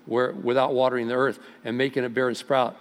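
Pastor, male, fervent sermon delivery that builds to loud peaks, long church-hall reverb. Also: little pitch movement, a little fast. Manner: preaching with sudden rises in volume and pitch. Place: church sanctuary.

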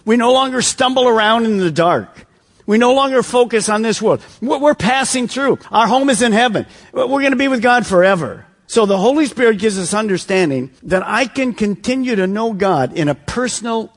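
Husky-voiced preaching man. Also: extremely high pitch, expressive, moderate pace. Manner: emphatic preaching, rhetorical questions, drops to soft earnest appeal. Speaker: pastor. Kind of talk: sermon. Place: church sanctuary.

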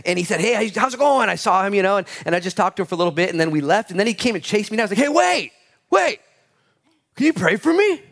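A man preaching a sermon in church, shifting from loud exclamations to quiet asides and telling stories with humor. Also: mid-range voice. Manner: storytelling with humor and laughter. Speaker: pastor.

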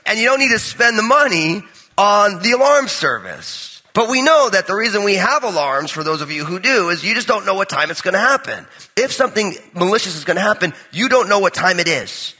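A high, bright male pastor from New with a husky edge, preaching in a conversational, joking storyteller's manner. His voice rings out with a long reverb in a large church hall. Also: very animated, fairly quick. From New Jersey. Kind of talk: sermon with personal storytelling.

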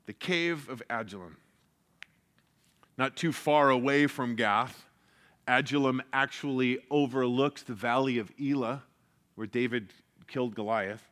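A man preaching a sermon in an earnest way, dropping to a hush for emphasis and rising when he stresses a point. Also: mid-range voice. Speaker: pastor.

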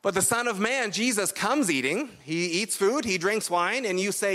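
A man from Canada delivers a sermon in a relaxed, explanatory manner, as if talking the congregation through an idea. His voice sits somewhat high for a man. He often pauses to check in with a quick "right?". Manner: conversational, explanatory preaching with frequent "right?" asides. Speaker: pastor.

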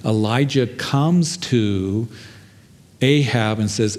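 A male pastor preaching a sermon, retelling scripture in an earnest storytelling way, speeding up and slowing down, with frequent fillers. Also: medium pitch, a little mellow, big-room sound.

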